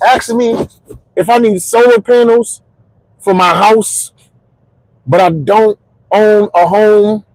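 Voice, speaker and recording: A comedian in his forties riffs through a stand-up style monologue from his car, his voice sitting high for a man. He delivers jokes in an animated way, punching punchlines with sudden shouts. The sound is dry and close. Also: dry recording, poor audio. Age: 40s. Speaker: comedian and podcast host. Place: in his car while commuting home.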